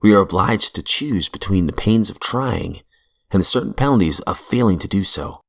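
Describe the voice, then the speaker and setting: A man with a very low voice and a gravelly edge reads a recovery text aloud. His delivery is measured and earnest, with brief asides, close to the mic in a small room. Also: expressive, fairly bright tone. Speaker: reader of recovery literature. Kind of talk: reading aloud from a book.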